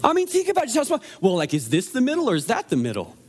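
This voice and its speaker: Man, pastor, sermon, high-pitched, animated, conversational, rhetorical questions. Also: racing, slightly rough.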